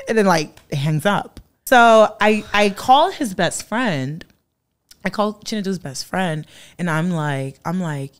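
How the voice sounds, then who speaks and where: A woman in casual chat telling a story in lively detail, acting out the people in it and swearing freely. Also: medium pitch, normal speed, clear, resonant tone. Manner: animated, acts out quoted voices, swears freely. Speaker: guest.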